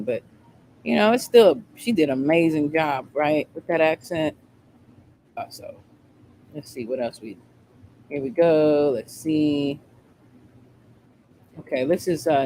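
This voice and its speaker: A man's voice: on the high side, a little mellow, slight background noise. Laid-back man hosting a reaction show. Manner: laid-back, conversational, slangy. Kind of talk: casual commentary.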